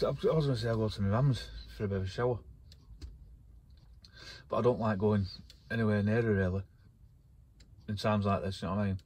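A man's voice: fairly low pitch, a little mellow, breathy edge. A man, talking casually and rambling in a vlog from his camper van, swearing a lot and getting worked up. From North West England. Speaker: vlogger.

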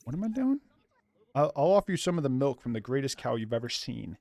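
Young male let's-player, upbeat and playful, lively pitch, dry close-mic sound. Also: fast, creaky, dry recording. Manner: goofy, self-described loopy, jokey asides to the viewers. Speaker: gaming YouTuber. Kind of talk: let's play commentary.

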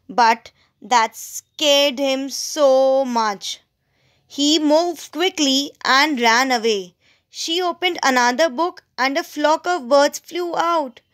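A woman's voice: high-pitched, fairly bright tone. A woman teacher reading a story aloud to students, stopping to explain words and ask them questions. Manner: explains word meanings to students; asks the listeners questions.

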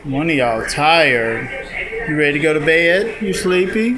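A man's voice: a little high, a little slow, a crowd in the background. A man, coaxing and sing-song as he talks to his dogs in a casual home video. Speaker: dog owner filming his pets. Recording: noisy home video recording.

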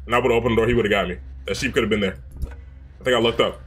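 A young man hosting a horror game playthrough, talking with excitable energy and shouting to hype up his viewers. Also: lowish voice, very fast, faint music behind. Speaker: gaming channel host.

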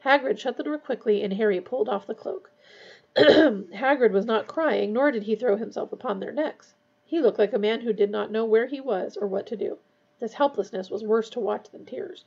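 A woman reading a novel aloud in a steady, measured way. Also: on the high side, vocal fry, breathy edge, muffled recording. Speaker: audiobook reader.

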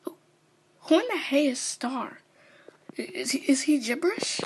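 A chirpy, easily annoyed cartoon host of a sunshine morning show, as a woman voices her. She sits high in pitch and takes her time with each line, like a fan-made cartoon dub. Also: lively intonation, slow pace, a little hiss or hum. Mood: puzzled.

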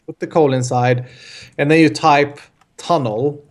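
A man chatting casually while gaming, explaining things with halting restarts and frequent chuckles. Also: on the high side, fairly even intonation. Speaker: let's play co-player.

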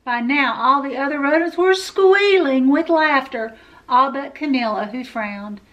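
A woman children's librarian reading a picture book aloud at storytime, expressive and playful, asking her young listeners questions. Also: high voice, unhurried, muffled recording.

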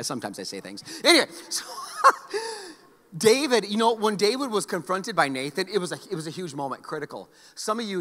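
A male pastor preaching a sermon, animated, with joking asides and repeated phrases. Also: sits high, long reverb tail. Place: church sanctuary.

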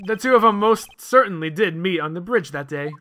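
A man's voice: sits high, lively intonation, fairly quick, fairly bright tone, slight background noise. Man reading an earnest bumbling detective. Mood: dutiful.

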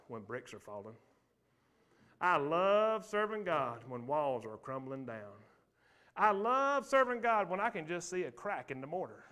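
A man preaches from the pulpit in a high, lifted voice. He swings between loud bursts and quiet asides, calling out to the congregation as he goes. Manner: animated preaching, calls out to the congregation. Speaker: pastor. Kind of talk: sermon. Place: church sanctuary.

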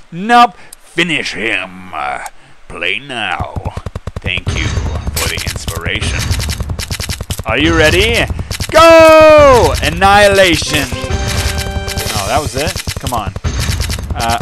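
A man hosting a let's-play, mumbling through menus and bursting into excited yells at the game. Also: a little high. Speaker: gaming channel host.

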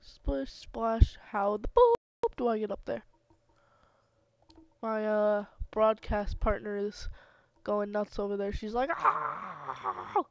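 A woman's voice: medium pitch, lively intonation, slow, darkish tone, dry recording. Playful young woman gaming, dry close mic. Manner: playful, sing-song muttering to herself. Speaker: gamer. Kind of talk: casual let's play commentary.

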